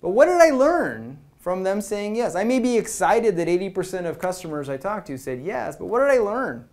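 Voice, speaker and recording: A man giving a presentation at a meetup. He talks to the audience in a conversational, energetic way and acts out quoted lines. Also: high voice, moderate pace. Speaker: product management speaker.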